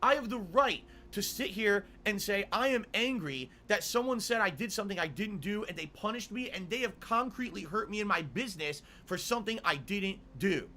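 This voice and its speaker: Pissed off streamer guy ranting and cussing, kinda high bright voice. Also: animated, normal speed, few pauses, slight background noise. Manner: indignant, swearing, repeating demands. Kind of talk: angry rant to camera.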